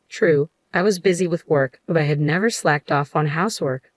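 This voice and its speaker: A woman with a low voice narrates a dramatic first-person story in a measured, even manner. The sound is dry and close to the mic. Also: no room sound.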